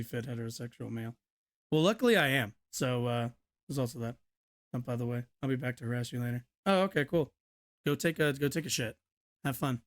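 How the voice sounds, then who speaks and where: A young man streaming, reading a news article aloud with stumbles, mutters and offhand asides. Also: mid-range voice. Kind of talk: casual reaction stream.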